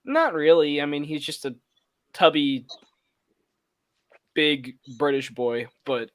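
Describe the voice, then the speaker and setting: A young man talks in a relaxed, rambling way, full of fillers and frequent laughter. His voice sits a little high for a man. He sounds like a friend chatting during a movie watch-along. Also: takes it slowly. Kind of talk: casual chat.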